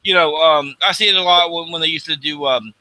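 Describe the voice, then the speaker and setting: A man talks bluntly on a casual radio show, swearing as he goes. His voice is a little high and very bright. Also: brisk, rough recording. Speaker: podcast co-host. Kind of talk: casual chat.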